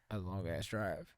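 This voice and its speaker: A laid-back man from Louisiana chatting on a podcast, taking his time and laughing often. His voice sits low and comes out smooth and clear. He speaks very slowly, and the sound is dry and close. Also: no room sound. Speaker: podcast co-host. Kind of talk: casual chat.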